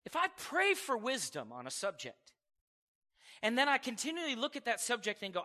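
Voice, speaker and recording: A man preaching a sermon as pastor, animated and acting out little voices to make his points. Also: very high-pitched, moderate pace, in a large hall. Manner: animated preaching, acts out voices of God and people.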